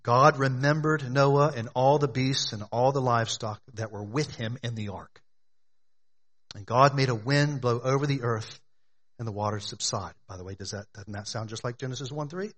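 A man's voice: medium pitch, moderate pace, fairly bright tone. A man preaching a sermon to a congregation, emphatic, often asking questions and answering them. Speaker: pastor.

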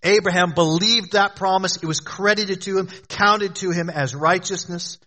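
Man, pastor, sermon, earnest, exhorting, drops low and quiet for emphasis. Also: normal speed.

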